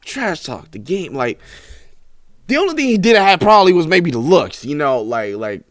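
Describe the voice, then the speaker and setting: A young man reacting to clips, rambling excitedly with lots of fillers. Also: fairly high pitch, normal speed, no echo, studio quality. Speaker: reaction video host. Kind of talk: casual reaction commentary.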